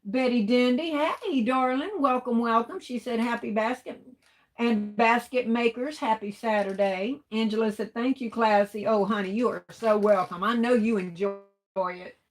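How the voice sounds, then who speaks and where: Woman warmly greeting her livestream chat. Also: on the high side, normal speed, low-quality recording. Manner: affectionate greetings, calls viewers baby and honey. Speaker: livestream host. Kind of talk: casual livestream chat, reading comments aloud.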